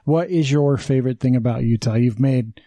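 A male podcast host talking casually, blunt and wisecracking with the odd swear word. His voice sits at a typical male pitch. The recording is close and dry, with no room sound. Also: a little fast, mellow, dry recording.

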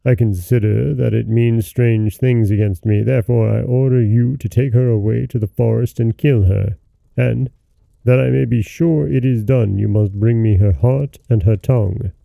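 A man voicing a suspicious, quick-tempered old king in a fairy tale reading, with a gravelly, very dark voice. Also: medium pitch, steady tone, no echo. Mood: furious. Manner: stern, demanding questions.

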